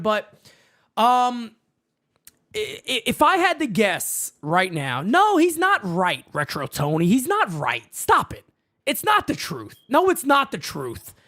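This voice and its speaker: Fired-up shouting sports talk host man. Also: very high voice. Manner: fiery, repetitive, profane, shouts often. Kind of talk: heated sports talk rant.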